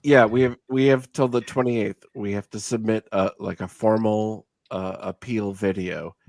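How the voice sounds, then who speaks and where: A man's voice: fairly low pitch, fairly even intonation, moderate pace, vocal fry, darkish tone, dry recording. A middle-aged man hosting a casual chat, tipsy and slightly slurring, ranting with plenty of profanity. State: tipsy from drinking. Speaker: podcast host.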